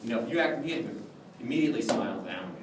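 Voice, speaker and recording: A man lecturing on clown magic and demonstrating tricks to a class in an animated, jokey way, often acting out his exchanges with kids. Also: mid-range voice, racing. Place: lecture room. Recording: echoey room, far from the mic, background noise.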